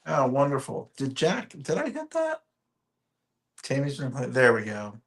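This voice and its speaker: A man's voice: medium pitch, huge pitch swings. A man co-hosting a live sale, teasing and playful in joking banter. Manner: teasing, playful, slow-spoken. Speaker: co-host.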